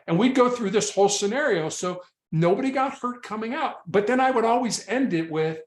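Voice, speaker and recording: Man with a higher voice in an echoey room. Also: expressive, a little fast. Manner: repeats and restarts words, earnest. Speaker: former SWAT hostage negotiator, guest. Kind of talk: casual interview storytelling.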